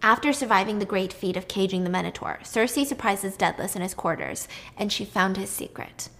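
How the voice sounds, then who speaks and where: A woman's voice: medium pitch, fairly quick, gravelly, a bit bright. A woman retelling a myth in a chatty, irreverent style, swearing freely and adding asides. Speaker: storyteller host. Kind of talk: casual mythology retelling.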